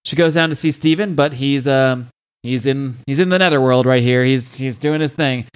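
A man's voice: mid-range voice, normal speed, smooth. A man hosting a podcast, casually recapping a comic book with lots of fillers and restarts. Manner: recaps a comic with frequent fillers, reads dialogue aloud. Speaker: podcast host.

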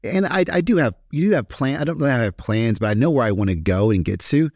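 A man's voice: medium pitch, expressive, quick pace, darkish tone, dry recording, clean studio sound. A man from Kentucky with a Kentucky accent, a podcast guest telling his story in a candid, profane, casual way with many fillers.

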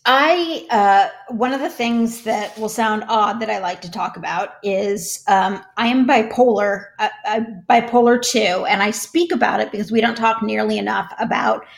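A woman's voice: medium pitch, normal speed, gravelly, hardly any pauses. A middle-aged woman, a podcast guest, speaking earnestly and with emotion about her personal struggles. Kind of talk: candid conversational interview.

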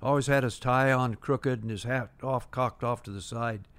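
A man's voice: medium pitch, moderate pace, a bit bright. An older man telling a rambling anecdote as an interview guest, full of restarts and quoted dialogue. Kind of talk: casual anecdote.

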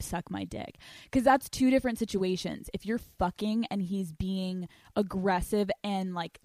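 A woman's voice: mid-range voice, a little mellow, dry recording. A woman hosting a frank podcast about sex in a casual, joking way, blunt and swearing often. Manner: blunt, heavily profane, joking. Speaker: podcast host.

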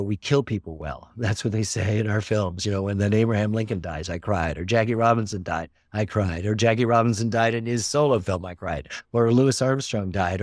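A man's voice: on the low side, a little mellow, no room sound, studio quality. An older man, a documentary filmmaker, talking earnestly and expansively in an interview, often repeating words for emphasis. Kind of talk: reflective interview talk.

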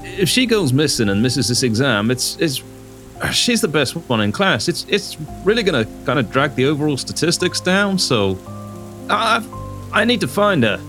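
Brief: man as fussy stammering teacher, lively pitch. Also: moderate pace, soft background music. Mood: flustered. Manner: flustered, stammering. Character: fussy male schoolteacher, flustered, mercenary.

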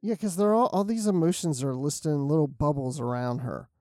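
Male podcast co-host, easygoing and thoughtful, mellow voice, dry close sound. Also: fairly high pitch, brisk, no room sound. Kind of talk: casual chat reviewing a comic.

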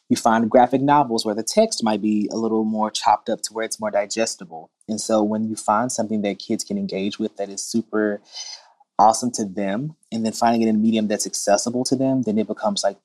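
Male guest on an interview podcast: quick and lively, slips into voices when quoting others. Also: on the low side. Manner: animated, acts out kids' voices in quotes. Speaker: bookshop owner and former teacher.

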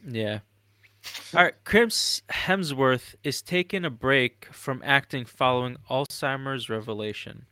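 A man's voice: medium pitch, unhurried, pushed and bright, clear, resonant tone, dry recording, studio quality. A young man co-hosting a casual podcast, laid-back and reading out entertainment news. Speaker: podcast co-host.

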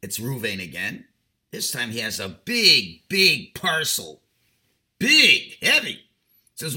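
A man, a rabbi, giving a sermon and telling a parable in an animated way. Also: mid-range voice, slow pace. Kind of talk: sermon with storytelling.

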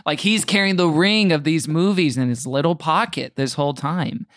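A man's voice: on the high side, moderate pace, a bit bright, no room sound, clean studio sound. A man guesting on a podcast in casual chat, joking with emphatic riffs.

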